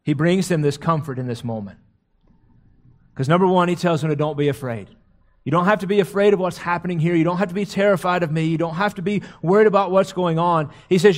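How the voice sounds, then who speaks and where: A man's voice: high voice, fast talker. A man preaching a sermon, retelling a scripture story dramatically, often repeating words as he goes. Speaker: pastor.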